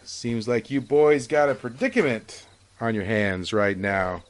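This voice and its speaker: A man voicing a scheming male merchant with a smug, drawn-out way of talking. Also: medium pitch, close to an everyday voice.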